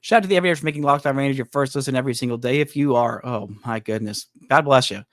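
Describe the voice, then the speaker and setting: A man's voice: medium pitch, rapid-fire, fairly bright tone, no room sound, studio quality. A man hosting a solo sports podcast, venting in an exasperated, emphatic way. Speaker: podcast host. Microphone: studio microphone.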